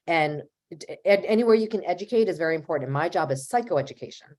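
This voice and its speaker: A woman with a slightly low voice talks as a family therapist on a webinar panel. Her advice is earnest and explanatory. Now and then she acts out the lines a parent or a child might say. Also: expressive, fast talker, a little mellow.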